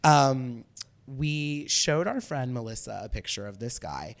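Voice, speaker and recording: Animated man telling stories on a podcast. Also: mid-range voice, unhurried, gravelly. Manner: animated storyteller, swings between loud and hushed. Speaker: podcast co-host. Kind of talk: casual chat.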